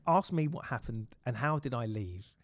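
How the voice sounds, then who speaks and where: A man's voice: medium pitch, slow pace, no room sound, studio quality. A man hosting a casual chat, telling swear-laden stories with acted-out quotes. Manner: swears freely, animated storytelling with acted quotes. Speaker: podcast host.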